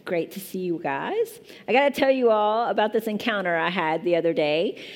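This woman preacher from Kentucky, in her thirties, talks at normal speed with a medium pitch and lively intonation. Her sermon is chatty and pokes fun at herself, carried by a strong Eastern Kentucky accent.

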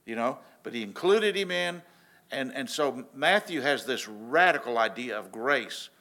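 Animated man preaching casually. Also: mid-range voice, unhurried. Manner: casual, animated storytelling with frequent restarts. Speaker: pastor. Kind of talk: sermon.

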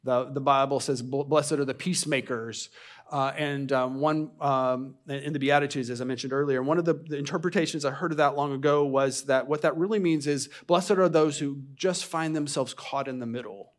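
A male pastor delivering a sermon in a church at a mid-range pitch. He talks conversationally, often restarting phrases and asking the congregation rhetorical questions. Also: steady tone, moderate pace. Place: church sanctuary.

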